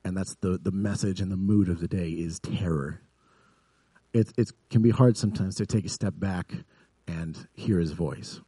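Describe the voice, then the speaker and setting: A man preaches a sermon with a low, husky voice and a mellow tone. He builds earnestly toward vivid emphasis, then sinks back to a soft, quiet delivery. The sound is dry and close. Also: moderate pace, no room sound. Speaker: pastor.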